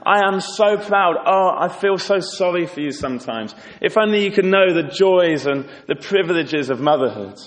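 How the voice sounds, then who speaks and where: A man's voice: mid-range voice, fairly even intonation, moderate pace, in a large hall, pitched below the performer's own voice, close to an everyday voice. A man voicing a boastful, taunting rival wife with mock sympathy, in a sermon. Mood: gloating excitement.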